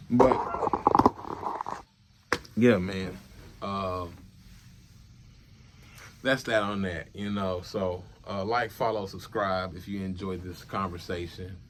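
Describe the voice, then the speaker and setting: A young man talking to his viewers in a loose, repetitive monologue, murmuring low and then bursting out loud to make a point. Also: fairly even intonation, slow pace, long pauses, noisy background. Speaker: vlogger. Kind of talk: casual rambling monologue.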